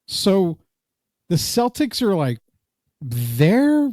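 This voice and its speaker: A relaxed man co-hosts a sports talk show in a loose, joking way. He reads viewer comments aloud between takes on the league. The sound is dry and close, with no room around it. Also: high voice, very slow, no echo. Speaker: podcast co-host. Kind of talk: casual sports podcast chat.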